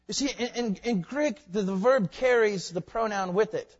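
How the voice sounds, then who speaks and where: Male pastor, sermon, fairly high voice, quiet asides building to loud emphatic peaks, muffled lo-fi sound. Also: normal speed, few pauses. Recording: long reverb, dull lo-fi sound.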